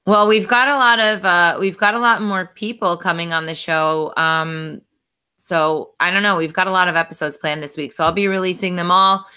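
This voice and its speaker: A woman's voice: on the low side, fairly even intonation, moderate pace, sharp tone, clean tone. A woman hosting a casual chat show, upbeat and chatty, with lots of fillers. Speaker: podcast host.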